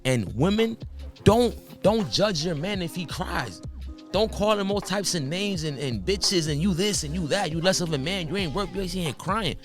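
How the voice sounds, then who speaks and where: A man's voice: high-pitched, lively intonation, moderate pace, soft background music. A young man hosting a solo podcast, talking earnestly and passionately, firing off rhetorical questions and swearing now and then. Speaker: podcast host.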